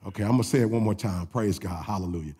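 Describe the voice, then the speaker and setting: A man preaching a sermon as pastor, swinging between shouted exhortation and low confiding asides. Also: rapid-fire, husky, in a large hall.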